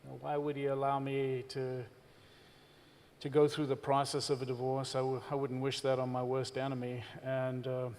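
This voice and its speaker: A visiting reverend with a South African accent gives a candid personal testimony from a church stage during a service. His medium-pitched voice is monotone and darkish, measured, with frequent pauses, and it echoes in a large hall.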